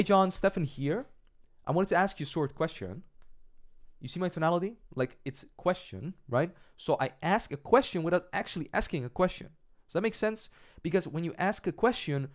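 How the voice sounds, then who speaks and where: Direct male sales coach, talking fast. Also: a little high. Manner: direct, repeats "right?", acts out sample calls. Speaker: agency coach. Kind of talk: sales training lesson.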